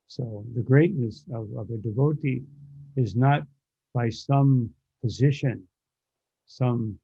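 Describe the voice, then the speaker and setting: Gravelly man telling devotional stories. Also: mid-range voice, dry recording, muffled recording. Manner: hesitant, frequent fillers. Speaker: spiritual teacher. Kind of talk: devotional storytelling lecture.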